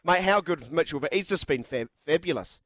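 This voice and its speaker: A man's voice: fairly high pitch, lively intonation, fairly quick, a bit bright, no room sound. A man hosting live sports talkback radio in a studio, chatty and jokey with lots of filler words. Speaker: radio sports show host. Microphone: studio microphone.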